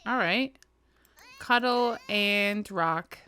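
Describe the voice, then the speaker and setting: A woman's voice: medium pitch, extremely slow, bright, forceful tone, clear, resonant tone. A woman in the middle of her vocal range gives easygoing commentary over her gameplay. She's chatty and giggly, often breaking into laughter and talking straight to the characters on screen. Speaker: gaming video host. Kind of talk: casual let's-play commentary.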